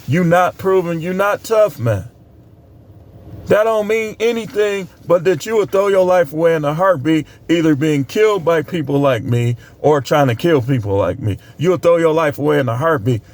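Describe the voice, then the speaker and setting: This is a middle-aged man with a fairly high-pitched voice, talking straight to camera in a casual monologue. He is blunt and preachy, leaning hard on his words. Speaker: vlogger.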